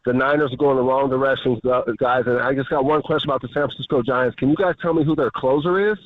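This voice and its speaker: A man's voice: mid-range voice, steady tone, fast talker, no room sound. Guy calling in on the phone, sarcastic and fed up, tinny line. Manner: sarcastic, exasperated. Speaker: caller. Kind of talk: call-in radio rant. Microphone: telephone.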